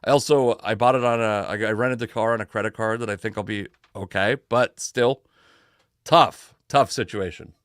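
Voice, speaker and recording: A man's voice: on the low side, normal speed, no room sound. Rambling storytelling man, dry close sound. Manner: rambling, animated anecdote with restarts and swearing. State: exhausted from no sleep. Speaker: sports talk show host. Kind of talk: casual storytelling on a sports podcast.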